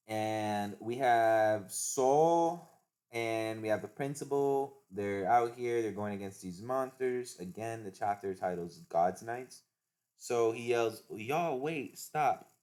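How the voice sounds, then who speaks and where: Man, low voice, slow and easygoing, casual comic recap. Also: a little mellow. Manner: laid-back, filler-heavy narration. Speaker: comic chapter recap youtuber. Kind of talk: casual chapter read-through and recap.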